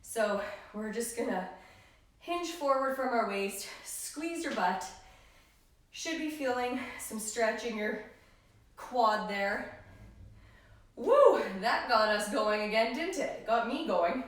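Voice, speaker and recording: A woman's voice: a little high, expressive, slow pace, far from the mic. A woman fitness trainer leading a live home workout, cueing breath and form and encouraging her followers. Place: living room at home. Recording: very echoey room, voice off-mic.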